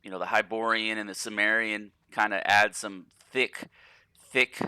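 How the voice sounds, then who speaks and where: A man's voice: on the low side, level tone, normal speed, bright, forceful tone, clean tone, no room sound. A man casually commenting on his gameplay in a rambling, profane way, often repeating and restarting words. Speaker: gaming channel host.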